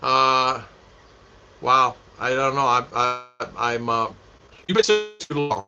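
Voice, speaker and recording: Bright-voiced rambling man on a livestream. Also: mid-range voice, lively intonation, slow pace, faint music behind. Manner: rambling, repeats himself, laughs a lot. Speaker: vlog host reading live chat. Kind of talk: casual livestream chat. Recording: dull lo-fi stream audio.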